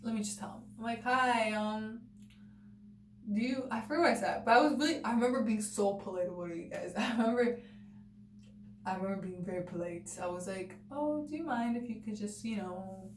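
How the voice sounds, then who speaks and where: A woman's voice: on the high side, brisk. Chatty young woman in an echoey room. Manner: chatty, full of "like" and "you know", acts out quotes. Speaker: vlogger. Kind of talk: casual storytelling to camera. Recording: echoey room, mic at a distance, faint noise.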